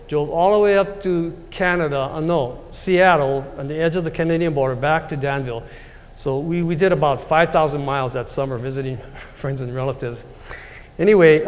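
A man's voice: a little high, in a large hall. A man in his sixties telling a long personal story to his congregation, rambling and heartfelt, with many fillers. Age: 60s. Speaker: church speaker.

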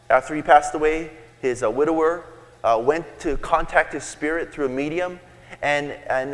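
A man preaching a sermon, telling stories and acting out quoted lines with sudden shouts. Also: on the high side. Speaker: pastor. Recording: long hall reverb.

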